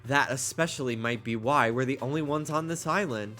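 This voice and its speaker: A man's voice: medium pitch, fairly quick, sharp tone, soft background music. A stuffed-up man streaming, reading game dialogue aloud with playful asides and stumbles over tricky words. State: stuffed up, congested.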